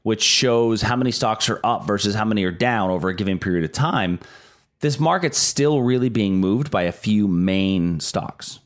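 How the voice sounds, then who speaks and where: A man's voice: on the low side, moderate pace. A middle-aged man co-hosting a casual talk show, explaining stock market trends with frequent restarts. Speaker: market analyst co-host.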